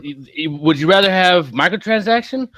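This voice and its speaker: A man's voice: high-pitched, animated, fairly quick, fairly bright tone, no room sound. A man in a casual podcast roundtable who interjects often and jokes, with casual cursing. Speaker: podcast panelist.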